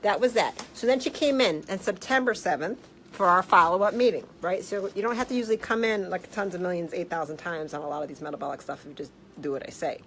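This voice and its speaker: A woman health practitioner telling a story in a casual vlog, blunt and animated, swearing freely. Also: on the low side, fast, slight background noise, poor audio. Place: office.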